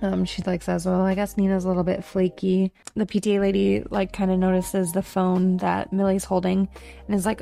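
Woman co-host, gravelly edge, casual book-chat recap, faint music bed. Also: medium pitch, monotone, fairly quick, dark tone. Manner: chatty plot recap with fillers. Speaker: podcast co-host.

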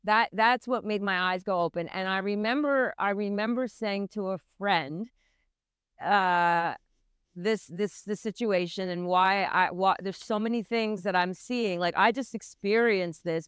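A woman's voice: mid-range voice, a little slow, fairly bright tone, clear, resonant tone, no echo, studio quality. A middle-aged woman, a midwife, earnestly telling her own hard birth story as an interview guest. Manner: earnest, intense retelling of a hard memory. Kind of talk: personal storytelling in a podcast interview.

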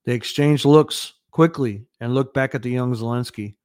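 A man reads a prophetic vision aloud, earnest and dramatic. His voice is smooth and resonant, and it sits at an ordinary male pitch. The recording is close and dry. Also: normal speed, a little mellow, dry recording. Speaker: newscast host.

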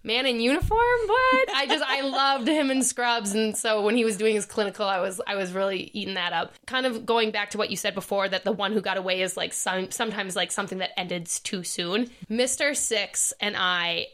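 A woman's voice: medium pitch, a little fast, hardly any pauses, fairly bright tone. A woman in her thirties hosting a podcast, telling a personal story in a casual chat, laughing often and restarting sentences. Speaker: podcast host.

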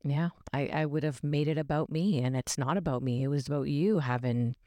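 Animated man, higher voice, candid chat. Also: fairly quick, dry recording. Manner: animated, quotes himself in mock voices.

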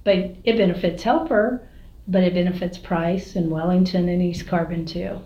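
A woman's voice: fairly low pitch, steady tone, moderate pace, dark tone. A woman who is a mayor, talking candidly in an interview, telling stories with lots of fillers and restarts, with an American accent. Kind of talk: casual interview talk. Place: city hall office. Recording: roomy, slightly dull recording.

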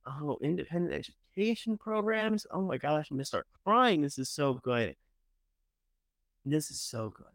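Male morning host, a bit higher voice, lively and blunt, dry booth sound. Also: a little slow, no room sound. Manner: blunt, profane, swings from scornful to gushing. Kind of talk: opinionated casual commentary.

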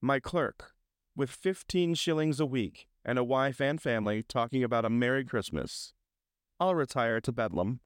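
A man's voice: mid-range voice, moderate pace, clean tone, dry recording, close to an everyday voice. A man reading a storybook and voicing a miserly, curt old moneylender, with a dismissive manner in a dry recording. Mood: cold, dismissive.

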